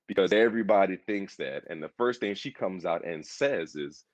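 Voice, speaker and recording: A man's voice: deep voice, normal speed, no echo, lo-fi sound. A man chatting casually about a TV series, rambling, repeating himself and acting out lines as he talks. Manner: animated, rambling, repeats himself, acts out quotes. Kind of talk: casual pop culture discussion.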